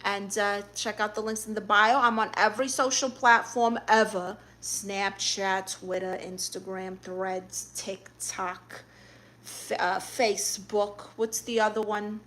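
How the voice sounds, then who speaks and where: She speaks slowly, with a medium pitch and a steady, fairly bright tone. Hosting a relaxed livestream, she reads viewers' comments aloud and gives sassy responses, calling them honey time after time.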